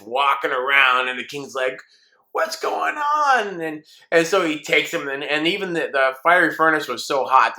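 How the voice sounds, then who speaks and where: A male pastor preaching a sermon, telling a story earnestly and acting out the people in it, then closing with soft encouragement. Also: medium pitch.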